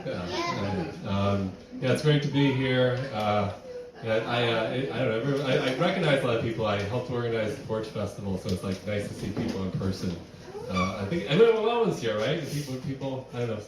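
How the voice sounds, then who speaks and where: A man's voice: mid-range voice, lively intonation, a little fast, noisy background. A young man from New York City doing a rambling, self-deprecating stand-up set, full of fillers and restarts, at a live venue. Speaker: stand-up comedian. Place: barn venue with live audience. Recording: echoey room, distant mic, audience.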